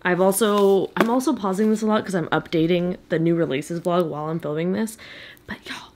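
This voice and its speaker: A woman's voice: fairly low pitch, fairly even intonation, a little fast, a little mellow. A woman, chatting playfully at home as a reading vlogger, sometimes dropping to a whisper. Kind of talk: casual vlog chat. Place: home, indoors.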